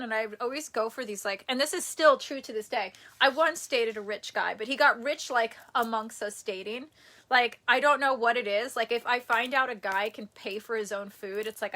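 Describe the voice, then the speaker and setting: Chatty young woman, bright voice. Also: on the high side. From United States. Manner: chatty, self-deprecating, quick to laugh. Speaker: live streamer. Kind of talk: casual live-stream chat. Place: indoors at home near a bed. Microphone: phone or camera on a tripod.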